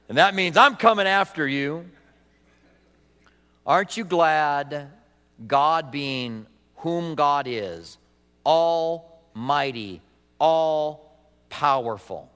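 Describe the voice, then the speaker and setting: A man's voice: on the high side, lively intonation, takes it slowly, long pauses, smooth. Man preaching with a long hall echo. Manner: dynamic preaching, swings from loud emphasis to soft, hushed lines. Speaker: pastor. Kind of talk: sermon.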